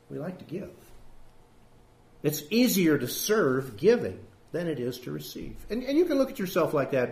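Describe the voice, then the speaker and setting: A man's voice: fairly high pitch, darkish tone. Man preaching in an echoey church. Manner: conversational preaching, acts out quoted voices. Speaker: pastor. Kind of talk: sermon. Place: church building.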